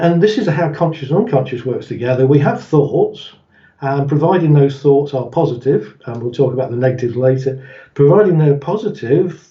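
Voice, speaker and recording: A man talks as an interview guest, telling little stories to explain his ideas and chuckling as he goes. His voice sits fairly high but sounds mellow and soft-edged. The recording is dull and roomy, as if the mic were across the room. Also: far from the mic. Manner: chuckles often, acts out quoted voices in stories.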